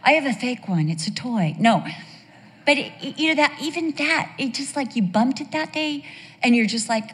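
A woman preaching a sermon, emphatic, slowing down on key phrases and breaking into playful asides. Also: high voice, animated, a bit bright, long reverb tail.

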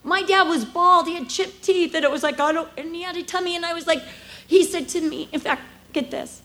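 A woman in her fifties giving a conversational sermon at church, telling emotional stories with lively swings from hushed to animated. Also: very high-pitched, a little fast, poor audio. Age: 50s. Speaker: speaker at a church.

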